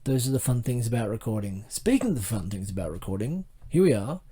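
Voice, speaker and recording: A man's voice: medium pitch, sing-song, fast, dark tone, husky. A man with an Australian accent hosting a casual podcast interview, chatty and upbeat, with plenty of fillers and restarts. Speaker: podcast host.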